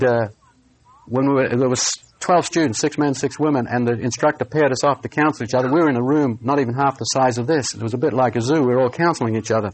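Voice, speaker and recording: A man preaching a sermon, telling a personal story in an earnest way and slowing down on key phrases. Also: medium pitch.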